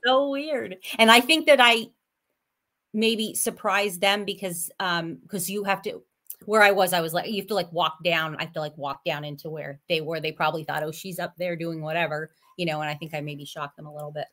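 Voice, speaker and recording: Bright-voiced woman rambling through a story. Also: lowish voice, steady tone. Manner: rambling, halting storytelling with frequent restarts and laughter. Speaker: panel guest. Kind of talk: casual podcast chat.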